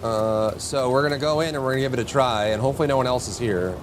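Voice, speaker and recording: A man's voice: fast, background noise. A man streaming live, talking his chat through a game and yelping at enemies. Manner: excitable, jumps to high yelps and mock insults at enemies. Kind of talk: live gameplay commentary.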